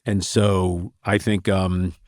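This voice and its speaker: A middle-aged man, talking as a writer guest in a relaxed, wry interview, laughing often as he tells stories. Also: sits low, slow pace, dry recording, clean studio sound. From Boston. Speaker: novelist and screenwriter guest.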